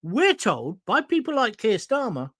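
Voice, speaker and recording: Male live-stream host, heated and emotional, pitch swinging widely, dry close sound. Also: wildly swooping pitch, measured pace, a bit bright, no room sound. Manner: indignant and emotional, addressing viewers directly. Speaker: host of his own live show. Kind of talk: impassioned live-stream commentary.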